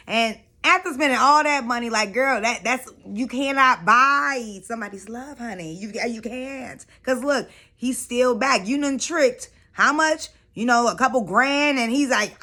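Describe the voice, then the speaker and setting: A woman's voice: on the high side, unhurried, bright, forceful tone. A woman giving casual, sassy commentary while she recaps a show, talking straight to her viewers in slang. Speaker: reality TV recap host.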